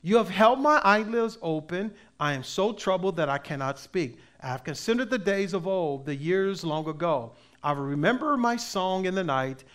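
A man preaching a sermon as pastor, with emphatic delivery that swings between loud and soft and slow readings of scripture. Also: high voice, animated, smooth. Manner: reads scripture aloud slowly.

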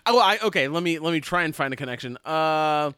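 Guy cohost goofing around, bouncy voice all over the place, slightly high. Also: fairly quick, smooth, no echo, clean studio sound. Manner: joking, animated banter. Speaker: podcast co-host. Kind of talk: casual chat.

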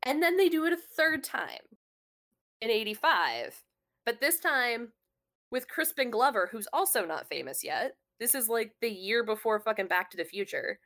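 A woman's voice: on the high side, big pitch swings, normal speed, fairly bright tone. A woman in casual conversation, telling a long story with many fillers and restarts. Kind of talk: casual chat.

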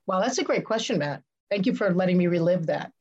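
A woman's voice: on the low side, animated, quick pace, darkish tone, breathy edge, highs cut off. A woman answering interview questions with earnest, reflective storytelling and many restarts. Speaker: interview guest, business leader. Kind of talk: conversational interview.

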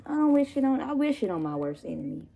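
A woman's voice: high voice, very animated, quick pace, vocal fry, warm tone, highs cut off. A woman hosting her own podcast, ranting casually and profanely with laughing asides, recovering from pneumonia. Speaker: podcast host. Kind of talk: casual solo rant.

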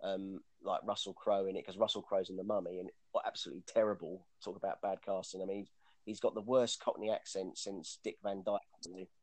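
A man talks casually about movies in a fairly low voice, rambling and restarting his sentences as he goes. The recording is dry and close, with no room sound. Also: little pitch movement, fairly quick, darkish tone, dry recording. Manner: rambling, chatty, frequent restarts and fillers. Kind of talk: casual chat about films.

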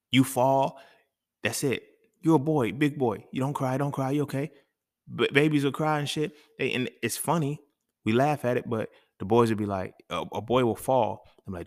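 Gravelly man with AAVE speech. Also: mid-range voice, no room sound, studio quality. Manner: casual, conversational, emphatic, profane. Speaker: podcast host. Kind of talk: solo podcast monologue.

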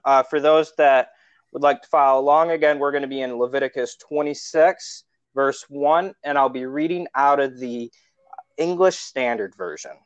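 A man, a pastor hosting a podcast, talking in a measured, easygoing way with frequent ums, and reading scripture aloud. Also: on the high side, clean tone, dry recording. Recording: dry, slightly dull lo-fi podcast recording.

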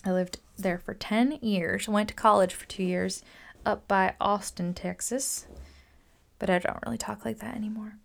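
A woman's voice: medium pitch, steady tone, normal speed, creaky. A woman hosting her own podcast in a casual solo monologue, gushing and upbeat, with lots of "like" and "oh my gosh.". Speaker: podcast host.

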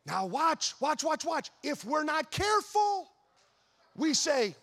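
Male pastor, very high pitch, animated sermon storytelling with rhetorical questions. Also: takes it slowly. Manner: animated storytelling with voiced asides.

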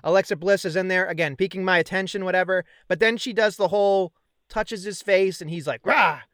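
A man with a high-pitched voice rants at length in casual podcast chat, swearing and hammering his points home. The sound is dry and close, with no room in it. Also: steady tone, a little fast, fairly bright tone, no echo. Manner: ranting, profane, emphatic. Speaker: podcast co-host.

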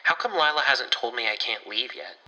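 A man's voice: medium pitch, lively intonation, brisk, bright, forceful tone, rough recording. A man voicing an anxious young man who speaks tensely and urgently.

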